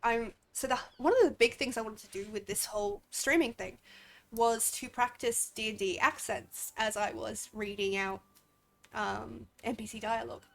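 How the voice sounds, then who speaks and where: A woman's voice: a little high, normal speed, gravelly, a bit bright. A woman with an Australian accent chatting casually while streaming a game, sniffly and a bit drowsy, rambling and laughing often. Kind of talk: casual gameplay commentary. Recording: faint game music behind.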